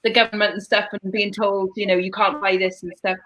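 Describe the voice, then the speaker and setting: A woman's voice: medium pitch, level tone, a little fast, fairly bright tone, poor audio. A woman with a Welsh accent chatting casually on a live stream, bantering and laughing. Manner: chatty, breaks into song snatches and laughs. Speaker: co-host.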